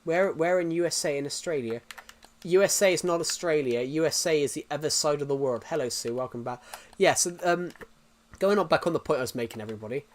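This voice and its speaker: Rambling young British man, slightly high. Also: a little fast. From United Kingdom. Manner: rambling, with many restarts and fillers. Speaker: live streamer. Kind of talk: casual chat with live viewers.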